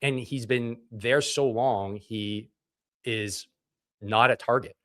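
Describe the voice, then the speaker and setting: A man's voice: mid-range voice, slow pace, fairly bright tone, no room sound. Blunt, profane man in dry sound. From Canada. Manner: blunt and profane, acts out dialogue. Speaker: interview guest, military veteran. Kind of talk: casual interview storytelling.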